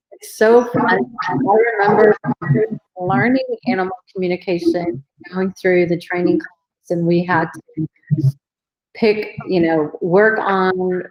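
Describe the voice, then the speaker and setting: A woman's voice: lowish voice, highs cut off. A woman hosting a podcast, chatting enthusiastically in a casual interview. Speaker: podcast host.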